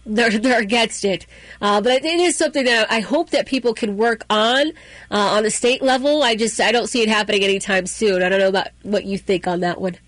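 A woman's voice: mid-range voice, fairly quick, fairly bright tone, no echo. A woman hosting a political talk radio show, opinionated and sarcastic, with frequent fillers and restarts.

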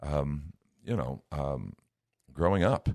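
Here a middle-aged minister teaches Scripture at a slow pace, his voice low and deep and his manner earnest yet relaxed and conversational. He raises his voice into playful characters to mimic everyday speech, and the close, dry recording has no echo.

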